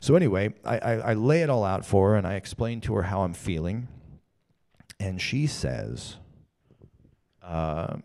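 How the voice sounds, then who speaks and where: A man with a deep, gravelly, dark voice tells a personal story in a loose monologue. He rambles and circles back on his words, his feeling showing through. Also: lively intonation, a little slow. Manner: rambling, repeats himself, emotional.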